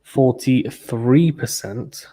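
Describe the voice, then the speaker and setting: A man's voice: medium pitch, extremely slow, dark tone, breathy edge. Chatty British man hosting a live stream. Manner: chatty, reads viewer comments aloud. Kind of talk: casual live watchalong commentary.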